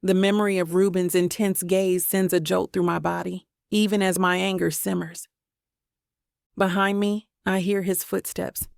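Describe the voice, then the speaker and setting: Woman, audiobook narrator, first-person storytelling, vocal fry, dry close-miked sound. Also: lowish voice, little pitch movement, normal speed, no echo.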